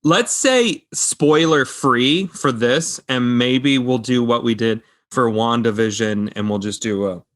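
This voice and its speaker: A man's voice: mid-range voice, takes it slowly, few pauses, fairly bright tone. Man co-hosting a casual podcast. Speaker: podcast co-host. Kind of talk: casual chat.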